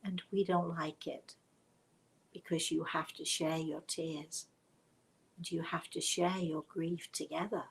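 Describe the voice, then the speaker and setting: An older woman with a British accent telling a story on a live show, in a hushed, dramatic way that often drops to a whisper. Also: sits low, flat delivery, a little slow, creaky, breathy edge, poor audio. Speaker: spiritual medium.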